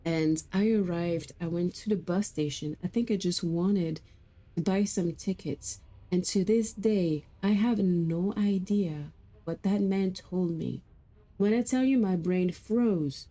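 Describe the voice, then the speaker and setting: Chatty woman streamer with a mellow voice. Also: mid-range voice, poor audio. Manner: chatty, laughs often, rambling anecdotes. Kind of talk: casual gameplay chat.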